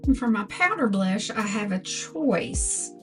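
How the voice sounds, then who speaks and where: A woman's voice: medium pitch, lively intonation, a bit bright, soft background music. An older woman giving a chatty makeup tutorial as a beauty vlogger, talking through products one by one. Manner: slow, chatty product talk.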